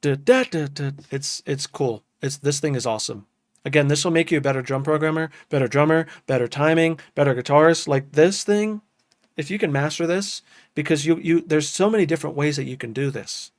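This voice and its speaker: A man talking casually to his stream, loose and enthusiastic, with "dude" in every other sentence. His voice sits a touch high for a man. The sound is dry and close, with no room around it. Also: normal speed, dry recording. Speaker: music producer streaming to chat. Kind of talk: casual live-stream chat.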